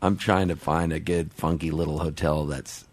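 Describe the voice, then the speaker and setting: A middle-aged man, a musician guest in a casual radio interview, talking in an excitable, rambling way with quick restarts. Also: very deep voice, dry recording.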